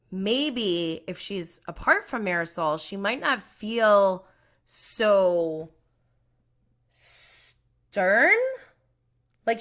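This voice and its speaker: A woman hosting a casual solo recap podcast, chatty and animated, laughing often and trailing off mid-thought. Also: fairly low pitch. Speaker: podcast host.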